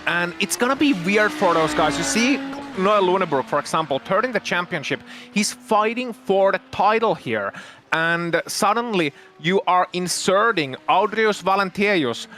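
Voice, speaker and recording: A man's voice: sits high, animated, moderate pace, sharp tone, faint music behind. A man co-commentating a sim racing broadcast in a chatty, playful way, listing drivers and positions.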